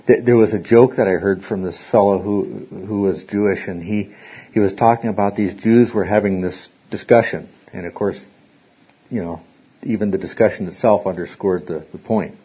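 A man's voice: lowish voice, moderate pace, slightly rough. A man teaching an interactive Bible study, rambling and often repeating words as he restarts his sentences. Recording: dull lo-fi recording.

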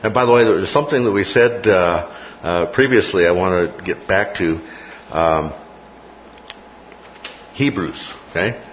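A man's voice: deep voice, measured pace, long pauses. A man teaching a Bible class in a classroom lecture, often repeating key phrases and checking in with "okay?". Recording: muffled recording with faint noise.

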